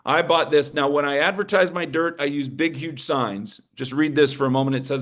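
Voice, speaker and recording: Energetic man teaching an investor seminar. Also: fairly high pitch, a little fast, hardly any pauses. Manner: energetic, emphatic, with rhetorical questions to the audience. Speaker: real estate investing instructor.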